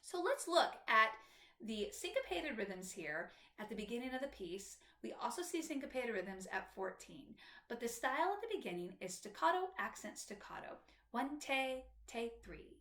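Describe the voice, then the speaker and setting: Lively high-voiced woman teaching flute. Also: moderate pace, roomy sound. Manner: patient, explanatory teacher talking to students. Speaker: flute instructor. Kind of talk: instructional music tutorial.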